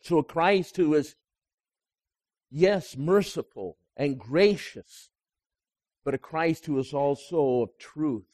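A man, a pastor, preaching a sermon that swings between loud emphasis and hushed, quiet moments. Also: on the high side, expressive, slow, long pauses.

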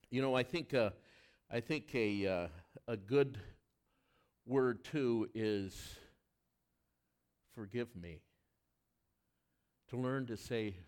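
A man preaching a sermon, asking the congregation questions and dropping from loud emphatic lines to hushed asides. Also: a little high. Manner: asks the congregation questions directly. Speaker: pastor.

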